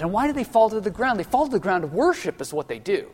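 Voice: mid-range voice, big pitch swings, fast, hardly any pauses, a little mellow. A Bible study teacher explaining a passage in an informal, conversational way, thinking aloud with asides. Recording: long reverb of a large hall.

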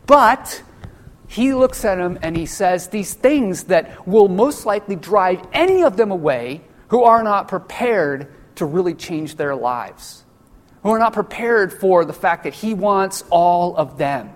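A man preaching a sermon in a loose, conversational way, full of jokey asides and quick acted-out voices for the people in his stories. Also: high-pitched, lively intonation. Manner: casual, jokey asides, acts out quoted voices. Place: church sanctuary. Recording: long church-hall reverb.

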